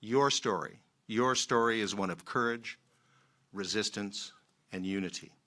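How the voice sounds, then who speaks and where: A man from Manitoba, a member of Parliament, giving a formal ceremonial speech in a measured, emphatic way with many pauses. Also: fairly low pitch, pushed and bright. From Manitoba, Canada.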